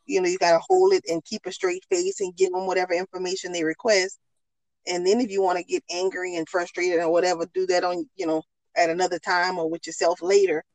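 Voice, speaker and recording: A woman's voice: on the low side, flat delivery, brisk, no echo, low-quality recording. A middle-aged woman co-hosting a podcast, giving parents earnest advice in a casual, conversational way and often saying "you know". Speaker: podcast co-host.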